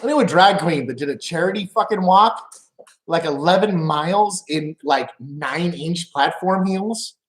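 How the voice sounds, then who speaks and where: A man's voice: fairly high pitch, unhurried, a bit bright, reverberant. A middle-aged man casually telling rambling stories at home, profane and loose, laughing at his own jokes. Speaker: live streamer.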